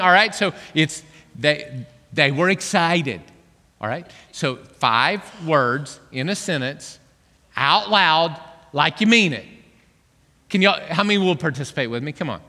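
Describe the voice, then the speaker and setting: High-voiced, animated preacher man in a hall. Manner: animated, joking with the congregation. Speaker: pastor. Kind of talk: sermon. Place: church hall. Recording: long reverb of a large hall.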